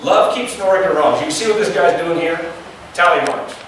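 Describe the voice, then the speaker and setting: A male pastor preaching a lively sermon, asking the congregation questions and acting out the voices he quotes. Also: on the high side, brisk. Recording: echoey room, mic at a distance, faint background noise.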